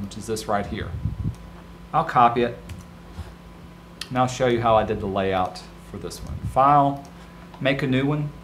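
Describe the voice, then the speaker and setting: Male instructor, mid-range voice, relaxed practical tutorial delivery, slight background hiss. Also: medium pitch. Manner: relaxed, practical, addresses students directly. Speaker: design instructor. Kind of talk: screen-recorded software tutorial.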